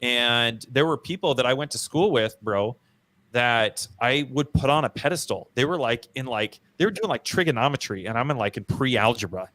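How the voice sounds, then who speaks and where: Expressive and moderately paced, the man's medium-pitched voice has a fairly bright tone and no room sound. He's a podcast host sharing a personal story casually, peppering it with "dude" and "bro" while being emphatic and self-deprecating.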